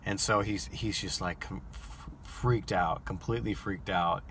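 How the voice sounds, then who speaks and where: Rideshare driver guy rambling thru a story, lowish voice but bright and punchy, lots of ums. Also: fairly even intonation, unhurried, a little hiss or hum. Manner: rambling, repeats words, many ums and uhs. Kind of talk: casual storytelling vlog.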